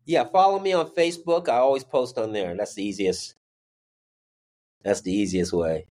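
A man's voice: fairly low pitch, moderate pace, darkish tone. A man, a drummer and music teacher, telling a story as an interview guest and acting out the voices he quotes.

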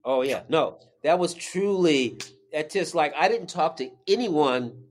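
A man's voice: a little high, animated, a little slow, a little hiss or hum. A man, a drummer and music teacher, telling a story as an interview guest and acting out the voices he quotes.

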